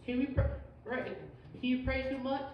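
A woman's voice: sits high, little pitch movement, moderate pace, a little hiss or hum. Lady teaching sunday school, folksy, says amen a lot, far off in a big echoey church, kinda muffled. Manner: folksy, emphatic, repeats amen. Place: church sanctuary. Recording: distant echoey church recording, dull.

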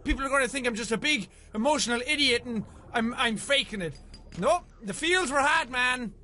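Excitable high-voiced young man gaming. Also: a little fast, slight background noise. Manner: excitable, swears often, talks to game characters. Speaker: gamer. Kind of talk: let's play commentary.

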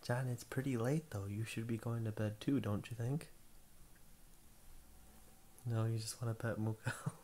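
A young father talking gently and patiently with his small child at bedtime, softly coaxing him toward sleep. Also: medium pitch, steady tone, moderate pace, pauses often, a little hiss or hum. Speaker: father putting child to bed. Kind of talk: casual bedtime chat.

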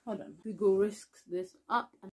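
A young woman talks casually to her camera. Her voice sits at a middling pitch, and she laughs often between lines. She often sinks into quiet, mumbled asides. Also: fairly even intonation, moderate pace, slight background noise. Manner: chatty, laughs often, mumbles and hums softly. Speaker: vlogger.

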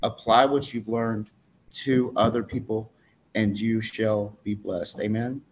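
A man's voice: on the low side, little pitch movement, a little slow. A man co-hosting, exhorting listeners to act on what they learn and calling for an amen. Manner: exhorting, call-and-response. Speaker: co-host. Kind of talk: preaching exhortation. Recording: dull sound with faint background noise.

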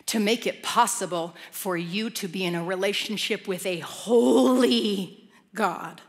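A woman preacher delivers a sermon in a lively, joking, conversational manner to a congregation. Her mid-pitched voice carries through a large church auditorium with a long reverb tail. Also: a little slow. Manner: animated, playful, conversational, with laughs. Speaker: guest preacher.

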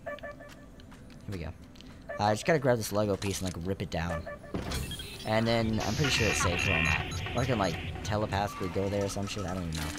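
A man's voice: on the low side, fast talker, long pauses, over loud music. A young man hosting a casual let's play, joking crudely and rambling as he plays, dropping to mutters and jumping to squeals. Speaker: gaming channel host.

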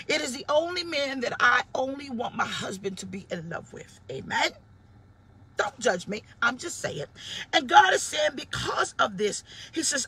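Fiery high-pitched woman preacher. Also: expressive, moderate pace. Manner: fervent preaching, shouting, greeting viewers by name. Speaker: pastor. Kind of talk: livestream sermon. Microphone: phone or webcam livestream.

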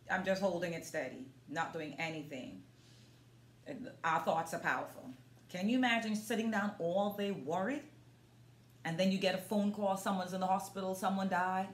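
A woman's voice: on the low side, normal speed. A woman vlogging in an earnest, casual way, talking straight to her viewers as a motivational vlogger. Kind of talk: casual demonstration vlog. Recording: roomy echo.

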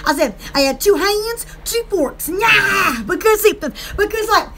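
A woman's voice: very high voice, expressive, a little slow, noisy background. A woman with a Southern US accent doing casual home-shopping chat about her shop's products, rambling, giggling and exclaiming often. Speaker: small shop owner promoting products.

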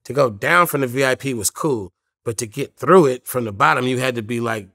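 The fifties-aged rapper speaks a little fast in a mid-range voice with a sharp tone. As an interview guest, he tells stories casually and profanely with a laid-back manner. He quotes people in their voices.

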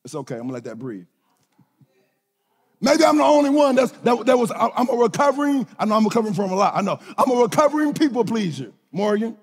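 A middle-aged male pastor, preaching a lively sermon that swings from shouts to hushed low lines. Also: fast talker, husky. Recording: hall reverb.

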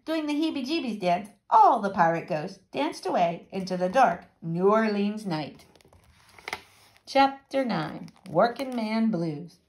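A woman teacher reading a storybook aloud to children in a lively, child-directed way. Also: mid-range voice.

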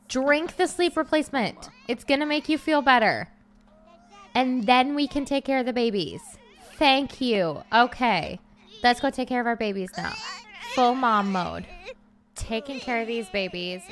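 Woman, casual game commentary, higher-pitched, chatty, frantic pleading at times. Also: a bit bright. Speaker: gaming channel host. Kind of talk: casual let's-play commentary.

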